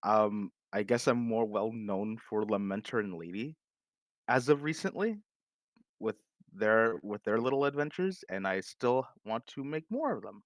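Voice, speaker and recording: A man's voice: lowish voice, animated, unhurried, dry recording. A man in his twenties, a guest artist, chatting casually on a stream, laughing often and rambling. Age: 20s. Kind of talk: casual chat. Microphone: home microphone.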